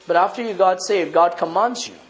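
A man's voice: high voice, a little fast, rough recording. A man with an Indian English accent, preaching a sermon as pastor, asking the congregation rhetorical questions and repeating phrases.

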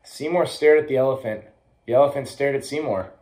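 A man's voice: medium pitch, fairly quick, poor audio. Young man reading a picture book aloud. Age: young adult. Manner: lively, puts on brief character voices. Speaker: college athlete reading aloud.

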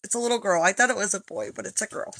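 A woman's voice: medium pitch, rapid-fire, creaky, fairly bright tone, breathy edge. A woman chatting casually to viewers on a phone livestream at home, talking straight to them. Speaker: livestreaming chinchilla breeder. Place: home with stairs. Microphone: handheld phone.

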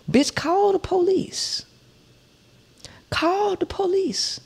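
A woman in her forties hosting a podcast, telling a profane comic story in an animated rant and addressing her listeners directly. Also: high-pitched, gravelly. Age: 40s. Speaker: podcast host.

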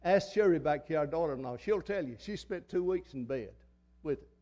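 An older man preaching from the pulpit of a church, his voice sitting high for a man. He is fiery and folksy and hammers his points home by repeating them. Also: lively intonation, brisk, dark tone. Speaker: pastor. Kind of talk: sermon. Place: church sanctuary.

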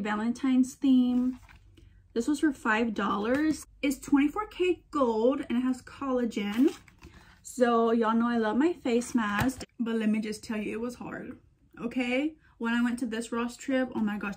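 Young woman, excitable haul vlog chat, slightly high voice, faint background hiss. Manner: chatty and excitable, addresses viewers as girl and y'all. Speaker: vlogger.

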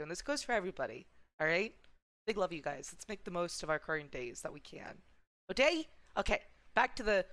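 A woman's voice: sits low, fairly bright tone. A woman streaming a video game, chatting casually and affectionately with her viewers in playful slang. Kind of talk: casual gameplay chat.

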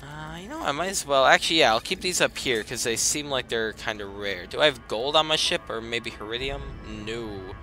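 A man giving casual let's play commentary, breaking into excited outbursts and complaints, then muttering to himself while sorting gear. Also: mid-range voice, fairly quick, hardly any pauses. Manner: self-talk, mutters and trails off while managing inventory. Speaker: gaming commentator. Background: game music.

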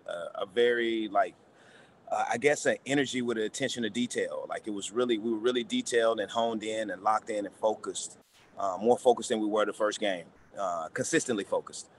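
A man, a basketball coach, answering press questions in a halting way, repeating words and using many fillers. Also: lowish voice, a little hiss or hum.

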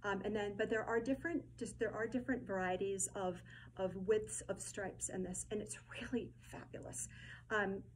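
A woman's voice: medium pitch, steady tone, moderate pace, a little hiss or hum, rough recording. Effusive woman gushing over fabrics. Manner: effusive, gushing, repeats words, many ums. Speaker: host presenting fabric collection. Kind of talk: casual product showcase.

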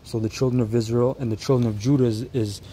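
A man giving reaction commentary on a street preaching clip, stumbling and restarting as he explains, then reading Bible verses slowly and deliberately. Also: mid-range voice, steady tone, mellow, slight background noise, rough recording.

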